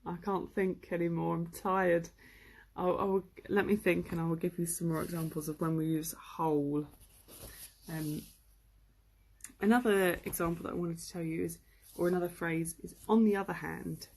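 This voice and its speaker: A woman's voice: on the low side, moderate pace. A woman giving a casual, chatty lesson, with lots of fillers. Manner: chatty, relaxed, full of fillers. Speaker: English teacher. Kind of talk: casual live-streamed lesson.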